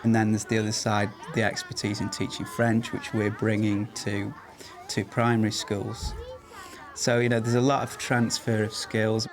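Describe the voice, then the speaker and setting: A man with an English accent, a secondary school language teacher, talking in an interview with a brisk, practical way of explaining. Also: lowish voice, little pitch movement, over music. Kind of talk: interview talk.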